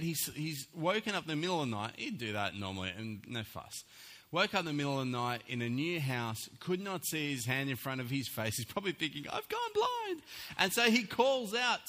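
A man, preaching a sermon and telling a story with acted-out voices. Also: mid-range voice. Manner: animated storytelling, acts out voices. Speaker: pastor.

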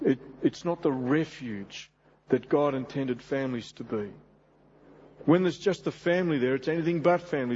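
A man's voice: medium pitch, a little mellow, slight background noise. A middle-aged man preaching a sermon, speaking earnestly and directly to his congregation. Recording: dull lo-fi sermon recording.

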